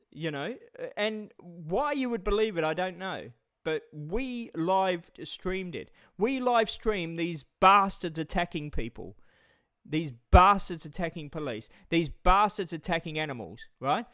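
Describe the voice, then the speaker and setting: A man's voice: high voice, lively intonation, measured pace, a bit bright, no room sound, studio quality. A man ranting heatedly on a livestream, swearing and stammering through repetitions. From Australia. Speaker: live streamer. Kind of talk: angry livestream rant.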